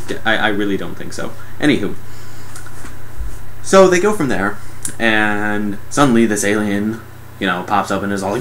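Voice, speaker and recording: A man's voice: on the low side, lively intonation, normal speed, fairly bright tone, a little hiss or hum, rough recording. A man giving a casual, comedic movie recap in a sarcastic, mock-exasperated way. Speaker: movie reviewer.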